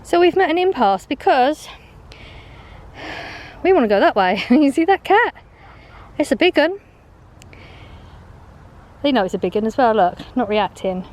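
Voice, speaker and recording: A woman's voice: high voice, big pitch swings, measured pace, long pauses, darkish tone. A woman vlogging while walking her dogs outdoors, chatting in a rambling way, laughing often and a little out of breath, filmed on a handheld phone. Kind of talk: rambling chatty vlog on a dog walk. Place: outdoors on a walk.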